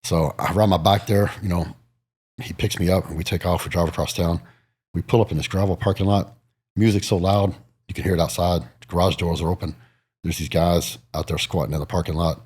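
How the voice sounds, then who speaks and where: A man's voice: sits low, brisk, slightly rough. A man in his forties, a guest in an interview, telling stories with animation and acting out other people's voices. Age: 40s. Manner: animated storyteller, acts out quoted voices. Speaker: guest, bodybuilder. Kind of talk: casual storytelling interview.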